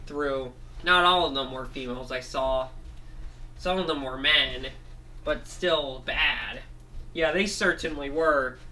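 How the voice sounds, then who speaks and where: A man telling a rambling, improvised story, correcting himself as he goes and jumping into quick voices for the characters. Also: a little high, bright, forceful tone.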